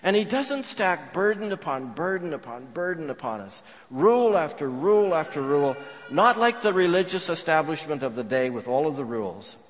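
A man preaching a sermon, telling stories earnestly and dropping to a hush for quoted prayers. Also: on the high side, very animated, normal speed, hardly any pauses. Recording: long reverb of a large hall.

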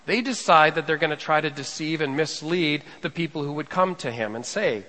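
A male pastor preaching a sermon, swinging between hushed lines and raised emphatic ones as he acts out scripture. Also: fairly high pitch, lively intonation, brisk, few pauses. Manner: rising and falling preaching delivery, quotes scripture dramatically. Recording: long reverb of a large hall.

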